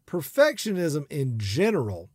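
A man's voice: fairly high pitch, huge pitch swings, unhurried, slightly rough, no echo. Middle-aged guy hosting a podcast, rambly and friendly, dead dry mic. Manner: chatty, lots of fillers and restarts. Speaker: podcast host. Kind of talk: casual podcast talk.

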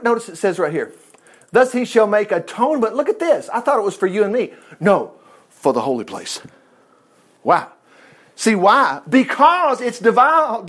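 A man teaching the Bible in a loose, conversational sermon. His voice sits high and swings widely in pitch as he jumps between reading verses and excited side comments. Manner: animated, reads scripture aloud with folksy asides. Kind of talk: informal Bible study sermon.

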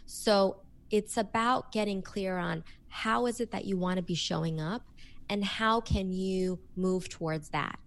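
An expressive woman coach talks through workplace advice in an interview, her voice sitting at a medium pitch. She is animated and lively, often acting out little scenes to make her point. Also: a little slow, gravelly. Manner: animated and expressive, acts out examples. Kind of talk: podcast interview.

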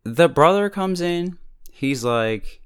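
A man's voice: a little high, lively intonation, slow, smooth. A man casually recapping a TV episode, chatty and full of fillers, often breaking into laughs. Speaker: TV episode reviewer.

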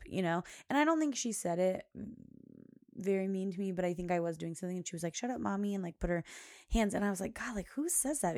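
A young woman hosts a podcast in a casual, rambling way, with plenty of fillers as she tells her story. Her voice sits fairly low and has a gravelly, frying edge. The recording is dry and close, with no room echo. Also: a little mellow. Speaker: podcast host. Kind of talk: casual chat.

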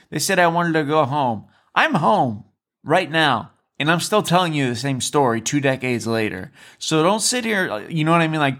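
A man's voice: mid-range voice, a bit bright. A man telling stories on a podcast in a casual, earnest way, repeating himself and restarting sentences. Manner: earnest, repetitive, with frequent restarts. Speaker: podcast guest, former resident. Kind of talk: casual conversational storytelling.

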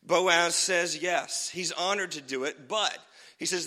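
A man preaching a sermon, telling a Bible story with lively swings between loud and soft. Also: a little high, unhurried. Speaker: pastor. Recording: church hall reverb.

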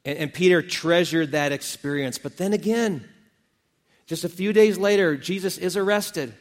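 Man, pastor, folksy sermon storytelling, slightly high voice, echoing hall. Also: normal speed. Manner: folksy storytelling, retelling scripture in casual speech.

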